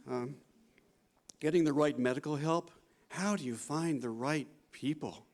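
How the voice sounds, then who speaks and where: A man's voice: a little high, unhurried, a little mellow. A man in his sixties gives a conversational conference talk as a psychology professor, often adding "you know" and "right?" and laughing. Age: 60s. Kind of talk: conference lecture.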